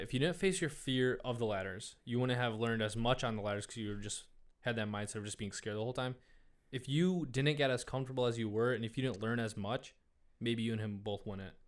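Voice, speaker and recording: A young man, a podcast co-host who is taking college classes, reacting with quick interjections and then offering reflective comments in casual chat. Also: mid-range voice. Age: young adult.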